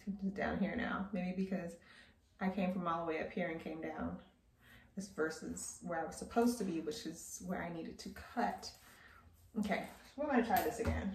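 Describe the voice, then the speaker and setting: A woman's voice: on the low side, darkish tone. Woman vlogger, casual chat to viewers while doing her hair, echoey home room with faint background noise, camera mic. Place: at home indoors.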